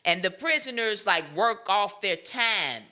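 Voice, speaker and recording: A woman's voice: mid-range voice, lively intonation, measured pace, bright, forceful tone. A woman hosting an advice podcast, chatting casually with lots of "like" and restarts. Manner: rambling, filler-heavy storytelling. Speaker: podcast host. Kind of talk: casual chat.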